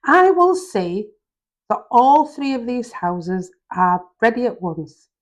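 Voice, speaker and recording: A woman voicing an old, feeble mother pig who speaks slowly and earnestly to her piglets in a storybook reading. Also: on the high side, very animated. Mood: tender, anxious. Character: old feeble mother sow, tender and worried.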